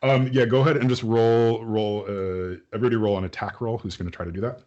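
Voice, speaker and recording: A man's voice: lowish voice, steady tone, fast, darkish tone, muffled recording. A man running a tabletop game as game master, describing scenes loosely with many fillers.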